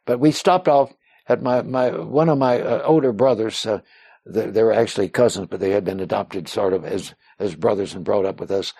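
Recounting a personal story as an interview guest, a man speaks at a moderate pace in a fairly low, dark, husky voice with vocal fry. He rambles through many restarts and fillers and acts out other people's words in quotes. There is no room sound.

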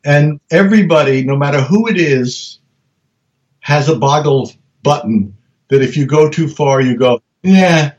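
A man speaking in a relaxed, halting way and often starting his sentences over as he tells stories in an interview. His voice sits a little higher than most men's. The recording sounds dull and lo-fi. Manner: halting, with frequent restarts and acted-out quotes. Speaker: researcher and guest. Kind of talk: casual conversational storytelling.

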